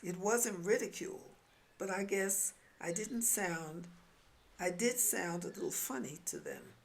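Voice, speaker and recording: A woman's voice: lowish voice, very animated, measured pace, vocal fry. A woman with a New York accent, reading her memoir aloud in a wry, storytelling way. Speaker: memoir author.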